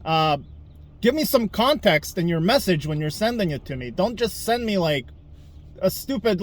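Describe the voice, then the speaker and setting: A man vlogging while out and about, ranting in an exasperated way and mocking people in high voices. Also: big pitch swings, normal speed, low-quality recording. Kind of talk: ranting walk-and-talk vlog. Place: outdoors in a town, walking and driving past traffic.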